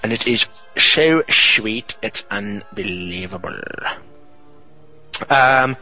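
A man with a low voice co-hosts a podcast, chatting loosely about a film. He rambles with lots of fillers and sighs in mock exasperation, while faint music plays behind him. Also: lively intonation, takes it slowly, sharp tone, rough recording. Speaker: podcast co-host. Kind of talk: casual chat reviewing a film.

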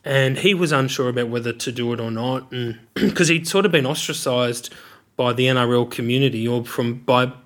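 A man's voice: medium pitch, normal speed, a bit bright. A middle-aged man with an Australian accent, candidly telling his life story in an interview, reflective and searching for words.

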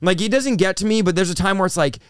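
A man in his thirties, a pastor guest telling his story in an animated, rapid-fire way, peppered with bro and dude. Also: sits high, clean tone, no echo, studio quality. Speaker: pastor and revivalist, interview guest. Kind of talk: excited conversational storytelling.

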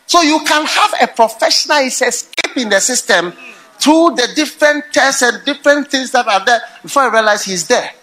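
Man, preacher, sermon, high pitch, bright tone, animated storytelling. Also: moderate pace, low-quality recording. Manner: animated, swings from low musing to loud exclaiming; storytelling with acted quotes.

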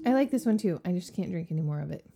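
A woman in her thirties, a podcast cohost, chatting casually and telling stories in an animated way. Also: on the low side, rapid-fire, vocal fry, a little hiss or hum. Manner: animated storyteller. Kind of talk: casual chat.

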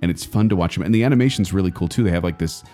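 A man co-hosting a casual movie review chat, animated and chatty, often laughing. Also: deep voice, very fast, soft background music. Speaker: co-host.

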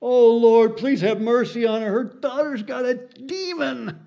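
A man's voice: extremely high pitch, unhurried, gravelly, dark tone, pitched above the performer's own voice, heavily acted. A man voicing a group of impatient male disciples who nag and complain in a whiny way. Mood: exasperated. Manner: whiny, pleading, nagging. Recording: dull lo-fi recording.

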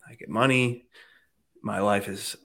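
A married man casually telling a long, animated story, acting out the people in it and swearing freely. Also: fairly low pitch, a little slow. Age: adult, married.

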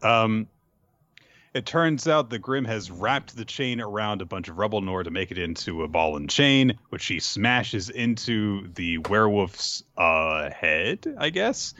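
Male podcast host, rambling recap, bright tone, dull sound. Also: lowish voice, a little slow. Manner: rambling, wry, filler-heavy. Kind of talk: casual episode recap. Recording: dry, slightly dull recording.

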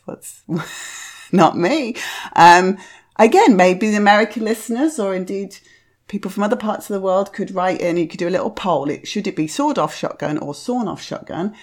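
A middle-aged woman hosting a podcast, chatting in a rambling, self-deprecating way with quiet asides. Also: lowish voice. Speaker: podcast host. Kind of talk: casual chat reviewing cards.

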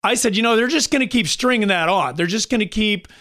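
A man in his fifties hosting a talk show, chatting casually and telling animated stories with mocking impressions of others. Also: sits high, fast talker. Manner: animated storyteller, mimics others with mocking voices. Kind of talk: casual opinion chat.

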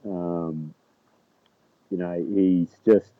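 A man appearing as a podcast guest, talking casually and haltingly, often repeating words. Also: low voice, steady tone, no echo. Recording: dry, tinny phone-like line.

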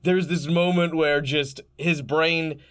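A man's voice: on the high side, steady tone, fairly bright tone. Laughing man narrating a tabletop game. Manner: descriptive, laughs often, slows for dramatic beats. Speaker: game master.

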